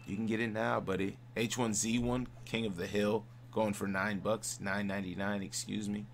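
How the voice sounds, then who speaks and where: A man's voice: lowish voice, little pitch movement, moderate pace, gravelly, slight background noise. A man co-hosting a casual gaming podcast, laid-back and chuckling as he rattles off sale prices. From Midwest. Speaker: podcast co-host. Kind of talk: casual podcast chat reading game deals.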